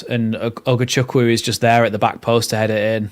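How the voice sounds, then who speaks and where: A man's voice: mid-range voice, little pitch movement, fairly quick. A young man hosting a live watchalong, mixing play-by-play with chatty, rambling asides. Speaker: fan channel host.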